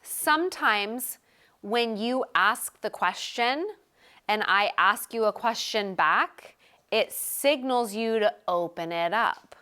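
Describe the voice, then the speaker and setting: A woman in her thirties coaching a group on a live video call, talking energetically in quick bursts and repeating phrases for emphasis. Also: medium pitch, expressive, sharp tone. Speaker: sales coach.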